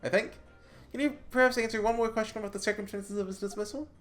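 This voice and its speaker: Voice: mid-range voice, quick pace, soft background music. A let's player giving casual commentary and reading game dialogue aloud, chatty and stumbling over lines now and then.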